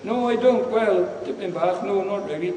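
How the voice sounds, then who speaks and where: A man's voice: high-pitched, moderate pace, warm tone, slight background noise, pitched above the performer's own voice, lightly acted. A man voicing a young Welsh lad with a casual, slangy manner. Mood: defensive. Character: young Welsh lad in his twenties, cheeky. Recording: roomy hall, distant mic.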